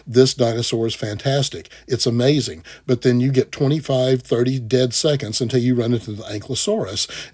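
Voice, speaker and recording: Guy ranting about theme park rides, sarcastic and blunt, middle pitch voice. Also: a little mellow. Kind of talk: opinionated video essay narration.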